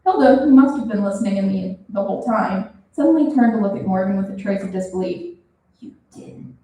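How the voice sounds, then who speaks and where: A young woman reading her own fiction aloud at a reading event, expressive and animated. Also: medium pitch, quick pace. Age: young adult. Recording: roomy, from a distance.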